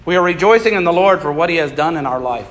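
A man preaching a sermon as pastor, reading scripture aloud and explaining it in a steady manner. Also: a little high, fast talker, big-room sound.

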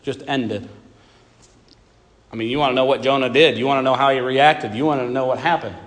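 A man's voice: mid-range voice, fairly even intonation, a little fast, a bit bright. A man preaching a sermon, reading scripture aloud and voicing a biblical figure's complaints, with emphatic lists of short phrases. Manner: reads scripture aloud and voices Jonah's complaints in plain speech. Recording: long reverb of a large hall.

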